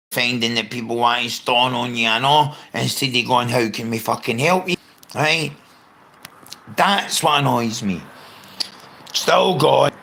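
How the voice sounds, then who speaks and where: Gravelly man, rambling and swearing. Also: mid-range voice. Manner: rambling, swears a lot, greets viewers loudly. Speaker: livestreamer. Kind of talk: casual unscripted live chat.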